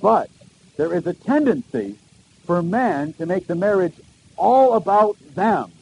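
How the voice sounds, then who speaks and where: A man's voice: high voice, big pitch swings, a little slow, vocal fry, a little mellow, a little hiss or hum, low-quality recording. A middle-aged man preaching a sermon to a congregation, posing searching questions and repeating key phrases for emphasis. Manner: earnest, questioning delivery with emphatic repetitions. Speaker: pastor.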